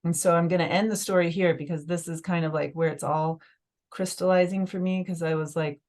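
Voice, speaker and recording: A woman's voice: lowish voice, steady tone, brisk, a little mellow. A woman telling a personal story as a podcast guest in casual conversation, emotional and full of "like" fillers. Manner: emotional, filler-heavy, lots of "like".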